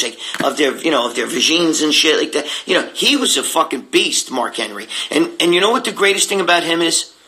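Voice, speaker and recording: Bright-voiced, profane older man. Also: a little high, rough recording. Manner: rambling, profane, blunt storytelling. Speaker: guest reading viewer comments. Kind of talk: unfiltered live chat.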